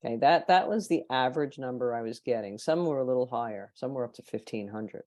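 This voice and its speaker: A marketing consultant guesting on a podcast tells anecdotes in casual chat, animatedly acting out the people she quotes. Her voice rumbles low and she talks fast, with no echo.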